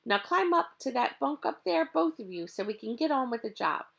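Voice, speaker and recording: A mock-polite, blustering male hijacker from a children's storybook, giving orders with grand words. A woman voices him in a husky, gravelly tone that swings up for emphasis. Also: a little high, very animated, normal speed, a bit bright, voice pushed up, exaggerated voice. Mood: bossy. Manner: mock-formal and bossy.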